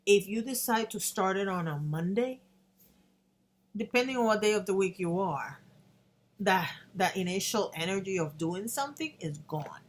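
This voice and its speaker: A woman's voice: medium pitch, moderate pace. A woman in her fifties talking earnestly to the camera in a personal vlog, with frequent restarts and emotional moments. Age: 50s. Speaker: vlogger.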